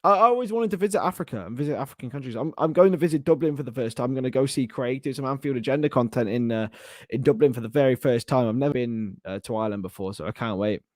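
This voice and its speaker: A young man hosting a casual live stream, chatting and joking as he answers viewer comments in quick bursts. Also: mid-range voice, dry recording, clean studio sound. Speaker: host of a fan channel.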